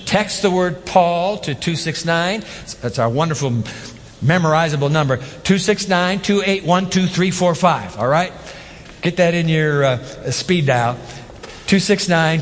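Male pastor preaching, kinda high voice, lots of repeating and questions, big echoey church. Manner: animated, rhetorical questions, emphatic repetition. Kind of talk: sermon.

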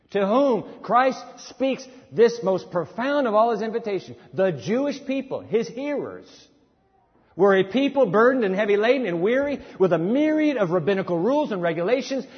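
Preacher, male, high and husky voice, dramatic swings, lo-fi echoey church recording. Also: big pitch swings, normal speed. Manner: dramatic, swings from emphatic to hushed; asks the congregation questions. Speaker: pastor. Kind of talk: sermon. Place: church or campus hall. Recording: lo-fi sermon recording in a reverberant hall.

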